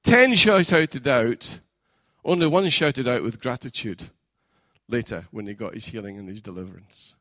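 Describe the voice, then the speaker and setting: A man, a pastor preaching a sermon in a church, building from plain storytelling up to fervent shouting. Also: mid-range voice, animated, unhurried, no echo.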